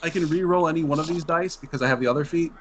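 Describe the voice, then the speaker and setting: A tabletop player who talks fast and with enthusiasm, his voice a touch higher than average. Faint room hum sits under his voice. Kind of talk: casual chat at a game table.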